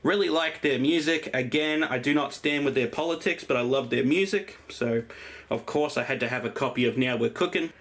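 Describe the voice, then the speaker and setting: A man's voice: mid-range voice, fairly quick, a bit bright. An Australian man casually showing his vinyl collection, rambling through it with plenty of ums and uhs. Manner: rambling, lots of ums and uhs while listing records. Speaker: record collector vlogger. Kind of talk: casual show-and-tell.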